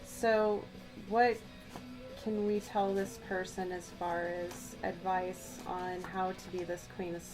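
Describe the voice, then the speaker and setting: With background music behind her, a woman gives a channeled tarot reading in a slow, level voice of fairly low pitch. Musing and addressing the listener directly, she sounds like she's slightly losing her voice.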